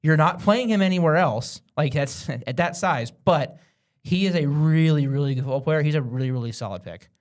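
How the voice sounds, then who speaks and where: A man's voice: a little high, moderate pace. A man hosting a podcast, giving opinionated, casual commentary on a football draft. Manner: opinionated, talks over others. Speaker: podcast host. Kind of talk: casual sports chat.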